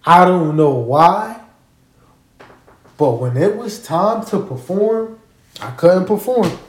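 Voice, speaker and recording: A man casually telling a story straight to his listeners, animated and profane, often checking that they follow him. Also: high-pitched, slow. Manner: animated, profane, keeps asking listeners to agree. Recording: roomy echo.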